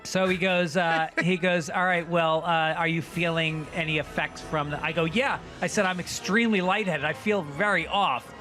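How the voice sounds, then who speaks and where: A middle-aged man from New York tells a story with a comedian's timing, playing every person in it himself. His voice sits fairly high and sounds bright and forceful. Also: normal speed, few pauses, faint music behind. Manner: animated, acts out the other people in the story. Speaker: comedian guest. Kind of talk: comic storytelling.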